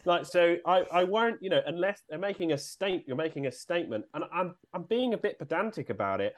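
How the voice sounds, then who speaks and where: A man's voice: high-pitched, expressive, fairly quick. A man who is a business coach, a guest in a casual interview, explaining ideas in a reflective coaching tone.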